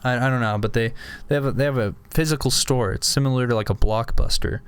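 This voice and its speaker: This young man has a mid-range voice with a clean tone and a fast delivery. Despite a sore throat, he rambles at his home desk about things he collects, full of fillers and false starts.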